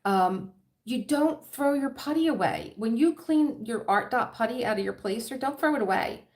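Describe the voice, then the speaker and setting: A woman's voice: a little high, animated, normal speed, a little mellow. A middle-aged woman with a Philadelphia accent chatting casually on a crafting livestream, rambling and laughing often. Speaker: diamond painting livestream host.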